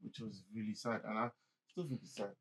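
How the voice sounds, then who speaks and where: Bright-voiced man, quiet podcast host. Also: fairly low pitch, steady tone, a little fast, husky. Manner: quiet, acts out quoted voices. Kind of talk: casual podcast conversation.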